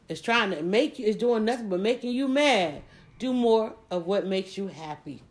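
Woman podcast host, energetic motivational monologue, speaking directly to her audience. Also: mid-range voice, normal speed. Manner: energetic, preachy, talks straight to listeners.

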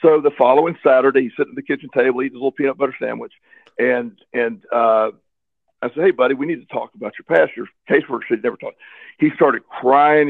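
A man's voice: mid-range voice, creaky, dry recording. A man telling a personal story in a casual interview, candid and earnest, often repeating words as he searches for them. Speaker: interview guest. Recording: tinny phone line, dry.

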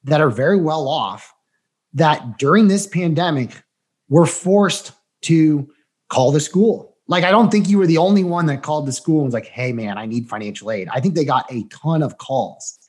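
A man co-hosts an interview, chiming in with reassurance and light jokes. He talks casually, and his voice sits a bit high for a man. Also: lively intonation, normal speed, a little mellow, breathy edge. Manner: supportive, jokey interjections. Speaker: podcast co-host.

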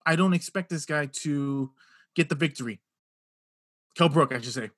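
A man co-hosting a boxing podcast, chatting casually and excitedly, swearing and repeating himself as he makes his picks. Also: a little high, normal speed, no room sound, clean studio sound. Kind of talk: casual chat.

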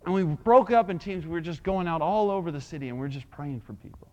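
High-voiced, dramatic male preacher. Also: fast, lo-fi sound. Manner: dramatic, swings between hushed and loud. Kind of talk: sermon storytelling.

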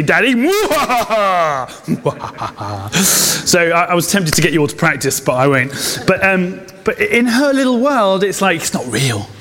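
A pastor in his thirties with a high-pitched voice, preaching in a loose, chatty way. He breaks into asides and quick laughs, and the hall around him adds a long reverb tail. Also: a bit bright. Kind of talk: conversational sermon.

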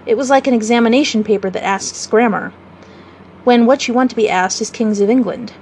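A woman reading a classic children's story aloud as a radio storyteller, measured and expressive. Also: on the high side, slight background noise, low-quality recording.

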